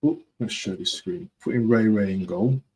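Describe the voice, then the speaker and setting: A man's voice: on the low side, normal speed, a little mellow, slight background noise, low-quality recording. A man from talking casually to his viewers on a live stream, repeating himself and often asking "yeah?". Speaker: football fan streamer.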